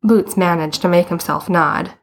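A woman narrating a story in a calm, steady storytelling manner. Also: fairly low pitch, normal speed, gravelly. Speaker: audiobook reader.

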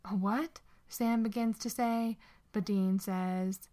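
A woman narrating a story aloud in an expressive, steady way. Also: medium pitch, measured pace.

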